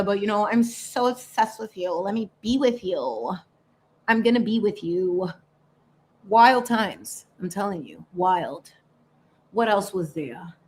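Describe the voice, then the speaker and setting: A woman hosting a casual livestream, chatty and animated, laughing often and slipping into Spanish phrases. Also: lowish voice. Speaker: livestream host.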